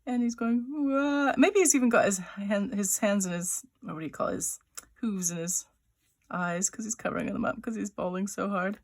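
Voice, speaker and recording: In a mid-range, somewhat mellow voice, a woman illustrator who also writes guides a drawing workshop. She chats playfully, makes little sound effects, and talks her thinking through while drawing, with pauses and restarts.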